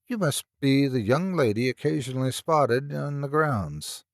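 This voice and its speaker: A man voicing a professor in a calm, gentle manner in a storybook reading. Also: mid-range voice, unhurried, dry recording, clean studio sound, voice pushed up.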